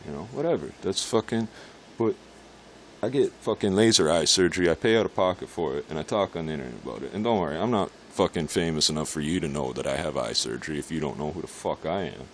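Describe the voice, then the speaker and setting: A man with a very low voice rambles on in an irritated, profane monologue. He talks casually to his camera while outdoors on a city street. Faint traffic hum sits behind him. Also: expressive, fast talker. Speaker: vlogger.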